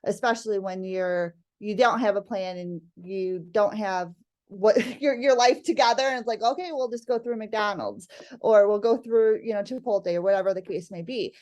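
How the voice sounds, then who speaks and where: A middle-aged woman, a guest, telling a family story in casual chat, animated and laughing often, acting out what her family said. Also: mid-range voice, normal speed.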